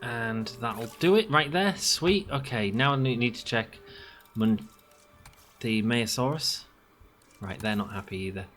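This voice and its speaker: A man's voice: medium pitch, a little slow, fairly bright tone, faint music behind. A young man giving casual gameplay commentary, chatting to the animals on screen and to his viewers. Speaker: gaming channel host.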